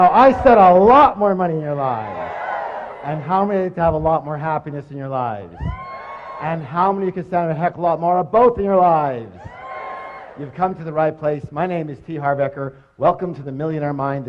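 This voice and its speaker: Energetic male seminar speaker who quizzes the audience; voice on the high side, muffled lo-fi recording. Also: brisk, a little hiss or hum. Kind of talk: motivational seminar talk. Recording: dull lo-fi recording.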